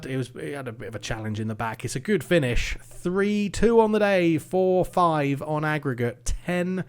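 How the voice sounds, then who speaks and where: A man commentating his own football management game, swinging between nervous muttering and excited shouting. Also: on the high side. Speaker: gaming YouTuber.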